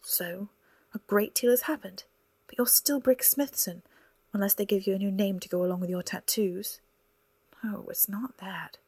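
A woman's voice: medium pitch, normal speed, slightly rough, no room sound. A woman reading a hurt young woman healer who speaks sharply and bitingly. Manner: sharp, biting, rising to a shout. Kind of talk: audiobook character reading.

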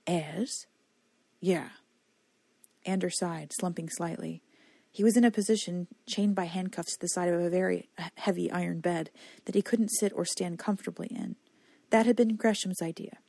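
A woman reading a novel aloud as audiobook narrator in steady storytelling. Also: on the low side, fairly quick, vocal fry, no room sound. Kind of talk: scripted narration.

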